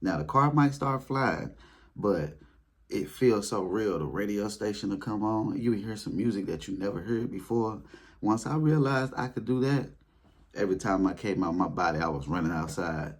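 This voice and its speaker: Husky man telling wild stories. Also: normal speed. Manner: animated, acts out his own past reactions in a high voice. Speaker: spiritual video creator. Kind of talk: casual storytelling monologue.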